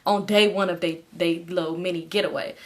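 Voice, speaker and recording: A woman's voice: fairly low pitch, steady tone, brisk. A young woman casually telling a rambling story, full of slang and swearing.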